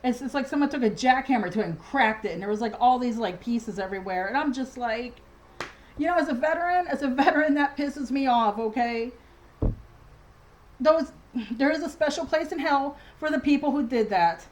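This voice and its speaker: A woman with a slightly high voice vents in a casual home vlog. She rambles, restarts her sentences and fills pauses, sounding agitated. She talks from her dining room. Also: expressive, a little hiss or hum, low-quality recording. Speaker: vlogger.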